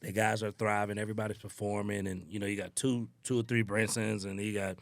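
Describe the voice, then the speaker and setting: A man on a podcast, a sales trainer talking in a casual, animated way and acting out quotes. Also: lowish voice, fast talker, no room sound. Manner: animated storytelling, acts out quotes.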